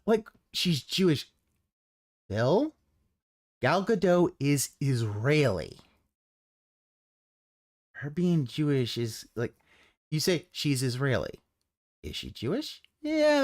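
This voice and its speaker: Sarcastic, lively-voiced streamer reacting. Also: mid-range voice, slow pace, pauses often. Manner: sarcastic, swears freely, trails off and restarts often. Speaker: live streamer reacting to a video. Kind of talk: casual reaction commentary.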